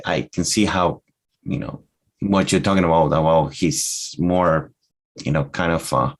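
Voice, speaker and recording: A man's voice: extremely low pitch, a little slow. A man from Argentina with an Argentine Spanish accent, a native Spanish speaker co-hosting a podcast, talking carefully and with some hesitation. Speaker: podcast co-host, English learner. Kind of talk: casual language-learning chat.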